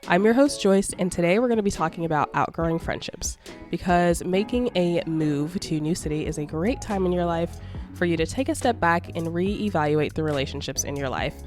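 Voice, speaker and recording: A woman in her twenties hosting a casual solo podcast, chatty and sassy, talking through a congested nose and sore throat. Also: lowish voice. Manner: chatty and sassy, calling listeners babes and girl. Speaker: podcast host.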